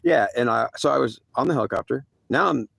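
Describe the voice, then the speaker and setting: A man's voice: mid-range voice, expressive, fast, vocal fry, fairly bright tone, no echo. A man telling a rambling first-person story with slangy asides, acting out the dialogue in a raised voice. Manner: acts out quoted dialogue in a raised voice.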